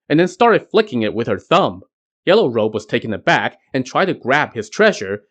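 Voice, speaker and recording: Male podcast storyteller, wry asides, mid-pitched and animated. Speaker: podcast host. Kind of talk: storytelling narration.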